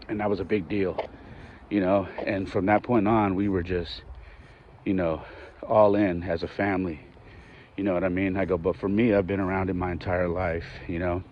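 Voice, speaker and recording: A man in his forties tells a story in an easy, chatty way, slipping in quoted back-and-forth as he goes. His voice sits on the low side, and the recording is dull and lo-fi with a faint hum of background noise. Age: 40s. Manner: retells conversations, acting out both sides. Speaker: podcast host. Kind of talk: casual storytelling.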